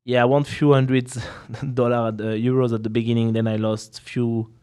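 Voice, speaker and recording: A man's voice: mid-range voice, little pitch movement, moderate pace, warm tone, clean tone. Laughing French man, easygoing chat. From France. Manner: laughs often, repeats words and restarts. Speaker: guest. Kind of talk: casual chat.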